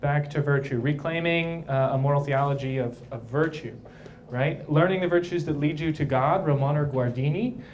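A man's voice: on the high side, moderate pace, hardly any pauses, a little mellow, muffled recording, slight background noise. A man, a priest, giving a casual, playful talk to a live crowd of young adults at a brewery, often checking in with the audience by asking "right?".

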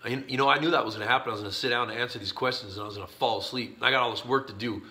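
A man's voice: mid-range voice, fairly even intonation, racing, pushed and bright. A man talking casually to camera from his garage workshop, rambling in a folksy way with lots of uhs, and sleepy and yawning. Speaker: YouTube channel host answering viewer questions.

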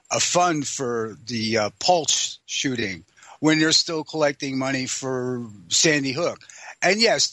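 A man's voice: mid-range voice, pushed and bright, no room sound. A man speaking as a guest on a radio show, chatty and laughing often. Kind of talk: casual chat.

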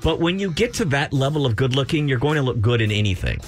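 A man co-hosting a radio show, teasing his partner with quick needling jabs. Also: mid-range voice, sing-song, faint music behind. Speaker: radio co-host. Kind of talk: morning radio banter.

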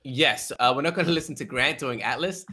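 A man's voice: medium pitch, fairly quick, bright, forceful tone, slightly rough. A man hosting a casual, joking video-call chat. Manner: laughing, loose and joking. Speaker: channel host.

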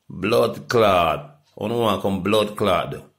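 A middle-aged Jamaican man in a rambling, profane monologue that swings from loud outbursts to low mutters. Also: slow pace, vocal fry. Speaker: reggae artist.

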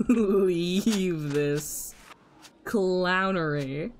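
A woman streamer with a fairly low voice who takes her time, unhurried even mid-rant. She swears freely and vents exasperation at the game while chatting to her viewers, with a faint hiss of noise behind her. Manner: exasperated, profane ranting at the game; talks to her chat audience. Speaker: streamer playing a video game. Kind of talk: casual live-stream commentary.

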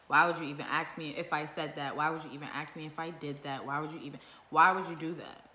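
Woman, low voice, loud and blunt, profane, live vlog at home, echoey room. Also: slight background noise. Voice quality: naturally loud voice. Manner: blunt, profane, repeats rhetorical questions. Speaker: vlogger going live. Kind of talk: casual live-stream monologue. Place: at home indoors.

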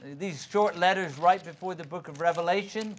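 High-voiced pastor leading a Bible study. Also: male voice, normal speed, a little hiss or hum. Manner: explanatory, calls on readers by name, quotes and repeats verses. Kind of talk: interactive Bible study teaching.

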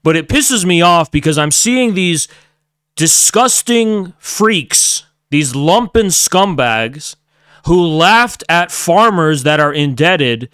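Male streamer, fairly high smooth voice, profane ranting monologue, dry close mic. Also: dry recording. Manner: profane, swinging from shouting to quiet lecturing. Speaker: political streamer. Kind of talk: heated livestream rant.

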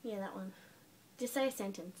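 A woman's voice: medium pitch, a little fast, darkish tone, breathy edge. An Australian woman hosting a casual vlog chat with her brother, teasing and giggly in a blunt way. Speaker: vlogger host.

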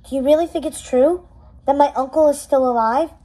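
A woman's voice: high voice, fairly quick, warm tone, close to an everyday voice. A woman voicing a determined young heroine who speaks urgently and breathlessly, read aloud from a storybook. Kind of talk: storybook readaloud.

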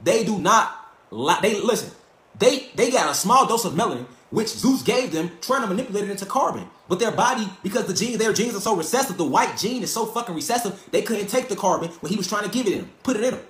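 Male lecturer, high voice, profane preachy monologue, roomy echo. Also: lively intonation, fast talker, fairly bright tone. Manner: emphatic, profane and swaggering, hammers points with repeated rhetorical questions. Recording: echoey room.

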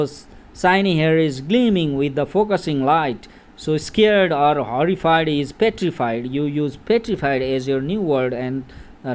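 A man's voice: on the high side, a little mellow. A man in his thirties teaching an English vocabulary lesson, repeating words and checking in with "okay?" again and again. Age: 30s. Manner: slow, repetitive, checks in with "okay?" often.

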